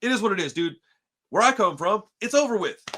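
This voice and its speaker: Here a man with a high-pitched voice speaks a little fast while hosting a podcast. He's animated and profane, telling a story casually and addressing everyone as "dude" over and over.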